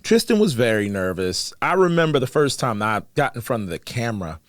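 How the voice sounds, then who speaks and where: A man's voice: mid-range voice, fairly quick, no echo. A man in his forties hosting a casual podcast in a small studio, rambling and laughing as he talks. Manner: lively, rambling, laughs often. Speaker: podcast host. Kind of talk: casual chat. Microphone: studio mic.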